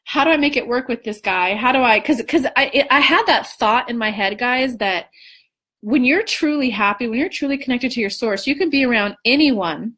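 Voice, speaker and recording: A woman in her thirties telling a personal story to her viewers in a casual, animated way, swearing freely and acting out what people said. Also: a little high, normal speed. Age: 30s. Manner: animated, swearing, acts out quoted dialogue. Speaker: spiritual coach and vlogger.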